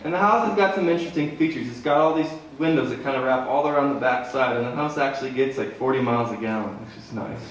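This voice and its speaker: A man from Manitoba telling a story between songs at a live concert, with laid-back, deadpan humor. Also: mid-range voice, quick pace, few pauses, noisy background. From Manitoba, Canada. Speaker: singer-songwriter. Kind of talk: stage banter storytelling at a concert. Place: theater stage, live. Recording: echoey theater from far off with faint guitar.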